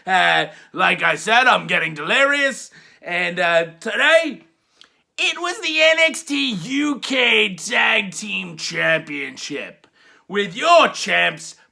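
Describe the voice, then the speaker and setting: A man giving a rowdy, crude comedic wrestling recap, laughing at his own jokes and stretching his punchlines into drawn-out hollers. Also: sits high, sing-song, creaky, bright, forceful tone. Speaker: wrestling show reviewer.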